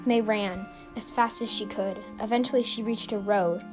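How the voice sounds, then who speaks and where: A woman's voice: medium pitch, fairly even intonation, normal speed. A woman hosting a show, narrating a scripted suspense story in an earnest, suspenseful way. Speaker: storyteller and podcast host. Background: music.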